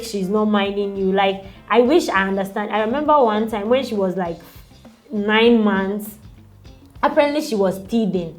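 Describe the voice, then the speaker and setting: A woman's voice: medium pitch, normal speed, faint music behind. Chatty Ghanaian woman, easygoing. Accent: Ghanaian English. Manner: chatty, peppered with "like" and laughs. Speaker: interviewee mother. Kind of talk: casual chat.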